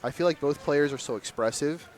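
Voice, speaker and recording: A man's voice: on the high side, fairly quick, a little mellow, soft background music. A young man doing casual, chatty live commentary on a fighting game tournament, laid-back and slangy. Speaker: esports commentator.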